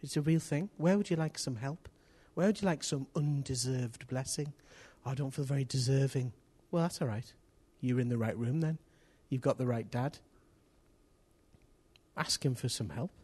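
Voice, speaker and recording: A man preaching a sermon in a church, telling a story with energy, rising to excited shouts and dropping to near whispers. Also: medium pitch, moderate pace, breathy edge. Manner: swings from hushed to excited shouting; lively storyteller with local place names and slang.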